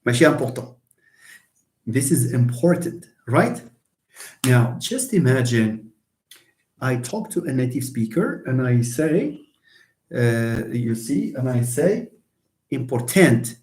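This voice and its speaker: Guy teaching a linguistics class, voice jumps all over, mellow and dark tone, lots of uhs and restarts. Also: medium pitch, slow pace. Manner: animated, acts out examples, many fillers and restarts. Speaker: linguistics lecturer. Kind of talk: university lecture.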